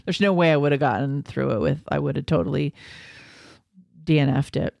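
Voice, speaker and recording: A woman's voice: low voice, a little fast, gravelly, darkish tone, no echo. Chatty laughing woman co-host. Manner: chatty, laughs often, enthusiastic. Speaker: podcast co-host. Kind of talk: casual chat.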